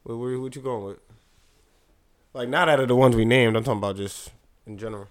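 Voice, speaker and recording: A man of middle pitch hosting a loose podcast chat. He tells stories with plenty of swearing and easy laughter. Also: fairly even intonation, a little fast. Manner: profane, laughing storyteller. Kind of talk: casual chat.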